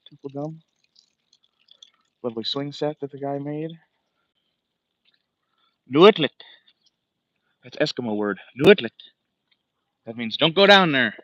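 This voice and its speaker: A man walks a residential street while he livestreams, rambling along in a loose, profane, chatty way. His voice sits in a middling pitch and comes through a phone with a dull, lo-fi sound. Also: no echo. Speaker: livestream host. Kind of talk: casual walking livestream chat. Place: outdoors, walking a residential street.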